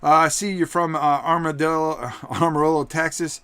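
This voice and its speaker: A man hosting a live tabletop wrestling game, commentating in an excitable, rambling way with many fillers. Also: fairly high pitch, moderate pace, no room sound.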